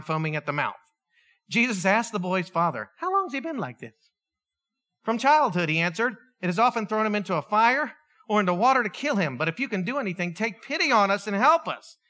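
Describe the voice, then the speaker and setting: A middle-aged man preaching with a high, bright voice that swings widely up and down. He tells stories with energy and slips into the voices of the people in them, then reads scripture in a lower tone. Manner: animated storytelling, acts out voices. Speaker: pastor. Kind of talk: sermon.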